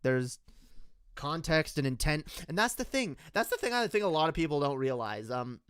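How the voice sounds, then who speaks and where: A man's voice: on the high side, sing-song, moderate pace, fairly bright tone, clean tone, no room sound, studio quality. A young man giving an unscripted, rambling commentary rant, heated and profane, addressing his viewers directly. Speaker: political commentator.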